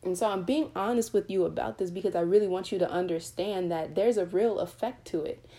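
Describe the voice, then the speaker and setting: Mellow-voiced woman podcaster. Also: lowish voice, a little fast. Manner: earnest, candid, conversational. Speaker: podcast host. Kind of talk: motivational faith podcast.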